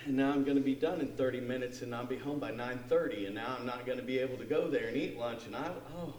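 A man preaching a sermon, animated, acting out the story and putting questions to his listeners. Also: mid-range voice, fast talker, echoey room, a little hiss or hum. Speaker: pastor.

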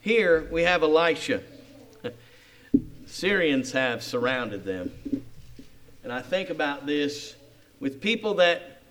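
High-voiced preacher man, loud then hushed. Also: big pitch swings, slow, long pauses, slight background noise. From Kansas. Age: adult with kids. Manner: swings between loud emphatic passages and quiet intimate asides. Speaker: pastor. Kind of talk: sermon.

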